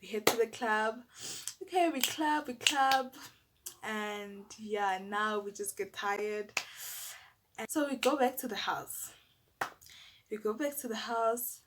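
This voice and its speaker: A young South African woman telling a personal story to camera in a casual, animated, exasperated way. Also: mid-range voice, slow pace, background noise. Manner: animated, exasperated, lots of fillers and asides to viewers.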